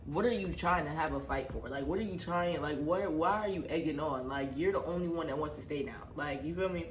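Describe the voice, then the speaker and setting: A woman telling a story in a casual vlog, animated and profane, acting out a quarrel. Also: low voice, brisk. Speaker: vlogger. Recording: echoey room with faint background noise.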